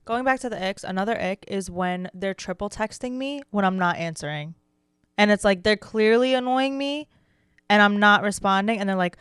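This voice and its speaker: A young female podcast co-host speaks at normal speed, medium-pitched and smooth, recorded at studio quality with no room sound. She's an animated storyteller in casual chat who swears freely and acts out quotes.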